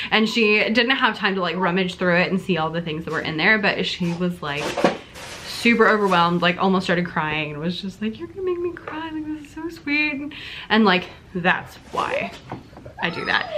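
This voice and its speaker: A woman's voice: lowish voice, a bit bright, slight background noise. Bubbly chatty young woman vlogging. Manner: chatty and bubbly, with many fillers and asides. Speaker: vlogger and schoolteacher. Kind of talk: casual chat to camera.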